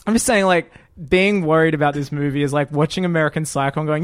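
A man's voice: a little high, fast, no room sound, studio quality. A man co-hosting a podcast in casual chat, joking and swearing with laughing asides. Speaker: podcast co-host.

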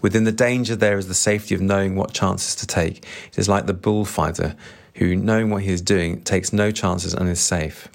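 A man's voice: deep voice, steady tone, moderate pace, gravelly. A man reading a stubborn, fearful guerrilla chief.

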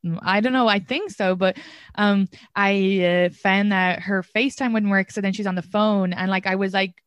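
An Irish woman hosts a casual podcast chat, rambling along with plenty of "like" in her sentences. Her voice sits at an average pitch for a woman. The sound is dry and close, with no room echo. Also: steady tone, moderate pace, clear, resonant tone. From Ireland. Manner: chatty, rambling, full of "like". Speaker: podcast host.

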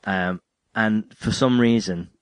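A man's voice: lowish voice, slow, smooth, no room sound. A man hosting a podcast, chatting casually about music in a rambling, jokey way that keeps breaking off and restarting. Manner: rambling, self-interrupting, jokey. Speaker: podcast host.

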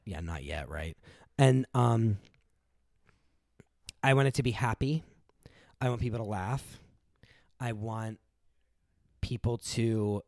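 A man from the United States in casual chat, rambling with lots of fillers and lively impressions of his mother. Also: fairly low pitch, no echo, studio quality. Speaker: guest.

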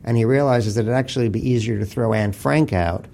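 A man's voice: mid-range voice, fairly quick, vocal fry, a little mellow, slight background noise. A man talking as an author guest in an interview, blunt and profane, telling wry stories. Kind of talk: casual interview talk.

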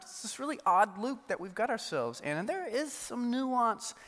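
High-voiced man preaching with humor. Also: normal speed. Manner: humorous, conversational, animated preaching. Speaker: pastor. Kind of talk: sermon. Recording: long hall reverb.

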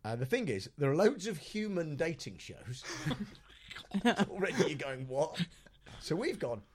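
A man co-hosting a podcast who tells stories in a casual, animated way and laughs often. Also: on the high side, a little slow, slight background noise. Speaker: podcast co-host. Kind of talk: casual chat.

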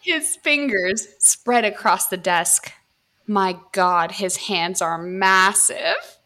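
A young woman reads a steamy story aloud for her podcast, her voice bright and crisp in tone. She is giggly and playful, ready to stop mid-line and laugh at the text. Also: mid-range voice, lively intonation, takes it slowly.

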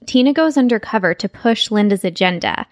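A woman from Texas co-hosting a podcast in a relaxed chat, talking quickly with many fillers and restarts. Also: medium pitch, no echo, studio quality. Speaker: podcast co-host. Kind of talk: casual chat.

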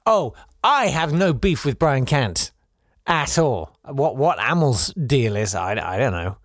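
A man's voice: medium pitch, very animated, slow pace, dry recording. Wry, rambling man, dry sound. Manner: wry, rambling, gently self-mocking. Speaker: podcast host. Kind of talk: casual chat reading listener messages.

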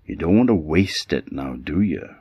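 A man with a Scottish accent voicing a kindly female fairy who coaxes gently. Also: a bass voice, expressive, normal speed, breathy edge, no room sound, highs cut off, heavily acted. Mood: coaxing.

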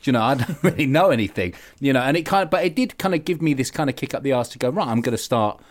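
A man's voice: mid-range voice, animated, rapid-fire, dry recording. A man in his thirties with a South London accent, chatting as a podcast guest, swearing freely and filling his talk with likes and ums. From England. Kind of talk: casual podcast chat.

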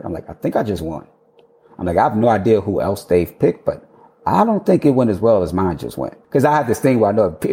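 Deep, mellow-voiced man telling stories. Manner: animated, quotes himself, swears and laughs freely. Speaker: architect guest. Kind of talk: casual storytelling interview.

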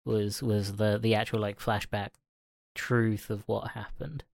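A man co-hosting a casual film chat podcast, relaxed and hedging, often laughing along with the others. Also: on the low side, unhurried, vocal fry, no echo, studio quality. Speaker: podcast co-host.

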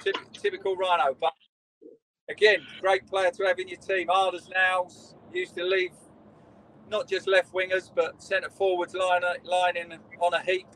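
A man's voice: high voice, level tone, unhurried, fairly bright tone, a little hiss or hum, poor audio. A middle-aged man, a former footballer telling rambling stories in a casual interview. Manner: rambling storyteller, restarts, swears in quotes.

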